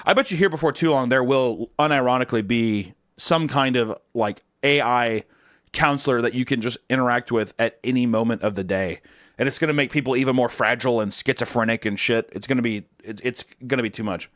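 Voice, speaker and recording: A young man streamer answering chat questions in casual, crude, jokey talk, jumping from loud bursts to low mumbles. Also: a little fast, dry recording, studio quality.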